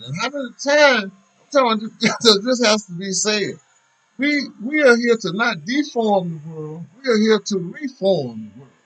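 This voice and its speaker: A man talking casually on a discussion show, rambling and halting as he builds his thought. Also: sits high, fairly bright tone, rough recording.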